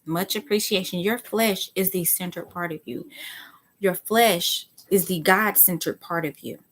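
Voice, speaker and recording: A soft-spoken woman giving a reflective spiritual talk as a teacher. She thinks aloud with restarts and bursts into sudden excited exclamations. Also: medium pitch, a little hiss or hum.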